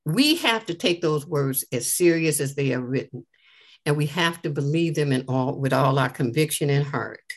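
A woman's voice: deep voice, moderate pace. An older woman and grandmother giving an earnest, inspirational devotional talk, repeating key phrases for emphasis. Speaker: devotional speaker.

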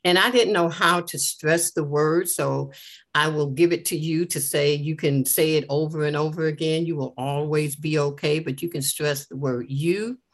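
A woman's voice: low-pitched, steady tone, normal speed. An older woman and grandmother giving an earnest, inspirational devotional talk, repeating key phrases for emphasis. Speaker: devotional speaker.

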